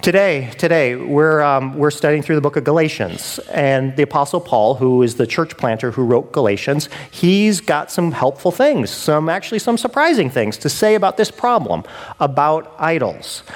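Lively, conversational male preacher. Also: on the high side. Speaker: pastor. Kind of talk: sermon.

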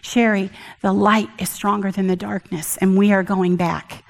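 An older woman voicing her gentle, devoted husband, soft and tender. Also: mid-range voice, flat delivery, moderate pace, vocal fry, long reverb tail, voice pushed down, lightly acted.

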